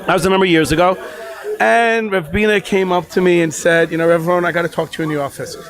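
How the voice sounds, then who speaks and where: A man's voice: high voice, steady tone, fast, a crowd in the background. A man, a rabbi at a yeshiva fundraiser broadcast, telling playful, jokey anecdotes in a casual way. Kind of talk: casual storytelling.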